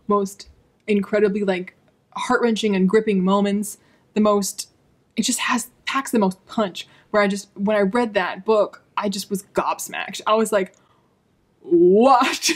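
Chatty woman gushing about books. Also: mid-range voice. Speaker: book channel host. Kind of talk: casual book review vlog.

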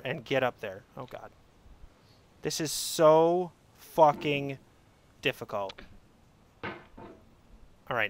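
A young man giving let's play commentary, exasperated and swearing as he yells at the game he is playing. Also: fairly high pitch, clear, resonant tone. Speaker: gamer playing a climbing game.

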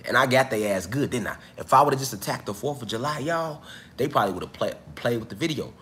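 Recovering from being sick, this livestreamer coughs between loose, profane, chatty remarks aimed directly at his audience. He speaks fast and animatedly, with a medium-pitched, slightly bright voice.

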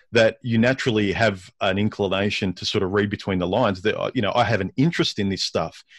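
A man with a fairly low voice is a guest in a casual discussion, speaking haltingly and often repeating words while he works out his thoughts. There's no echo.

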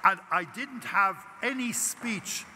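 A man's voice: sits high, takes it slowly, pushed and bright, a little hiss or hum. An older Irish priest giving a conference talk, telling a personal story and acting out his prayers with animation. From Ireland. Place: large conference hall. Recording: long hall reverb.

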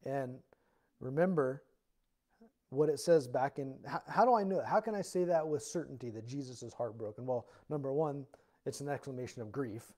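In church, a male pastor teaches the Bible verse by verse, earnest and explanatory. His voice is medium-pitched and moderately paced, growing loud whenever he reads scripture aloud.

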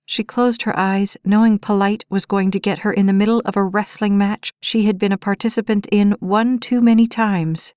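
A woman narrating an audiobook in an even, measured storytelling voice. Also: mid-range voice, smooth, no room sound, clean studio sound.

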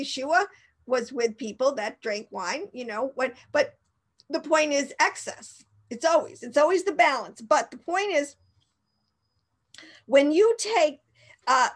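Woman Bible teacher, high voice, rambling and emphatic. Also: a bit bright. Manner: rambling, emphatic, with frequent restarts and laughs. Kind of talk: informal teaching talk.

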